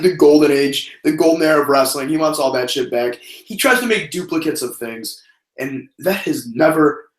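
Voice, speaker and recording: This podcast co-host's voice sits on the high side, and the recording is rough and reverberant. He casually helps review wrestling, swearing freely. He is animated and slips into mocking impressions.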